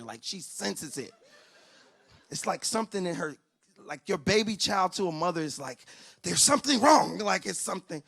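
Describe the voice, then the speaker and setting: A man doing stand-up comedy on a church stage, telling family stories and acting out relatives in loud, high voices. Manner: animated storyteller who acts out family members in loud high voices. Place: church stage before a live audience.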